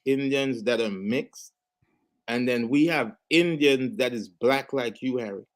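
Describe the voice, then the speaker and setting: A man from the Caribbean talks at a mid pitch on a casual panel chat. He teases the others and keeps cutting back in to make one more point. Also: measured pace. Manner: teasing, persistent, pushes to add points.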